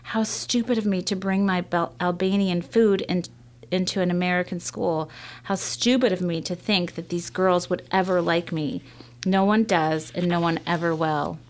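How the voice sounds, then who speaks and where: A woman's voice: on the low side, fairly even intonation, normal speed, lightly acted. A woman voicing a shy young Albanian girl, new at an American school, speaking earnestly and plaintively in a storybook reading. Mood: hurt.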